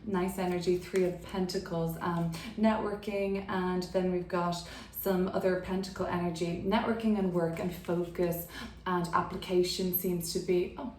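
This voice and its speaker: A chatty woman with a low-pitched voice giving a casual tarot reading, talking freely with plenty of fillers. She records in an echoey room at home, with a faint hum behind her. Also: steady tone, normal speed, darkish tone. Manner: chatty, filler-heavy, laughs easily. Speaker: tarot reader. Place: her apartment.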